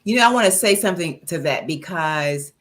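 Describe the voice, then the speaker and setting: Reflective woman with a lower voice. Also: lively intonation, fairly quick, a bit bright. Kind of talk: casual livestream discussion.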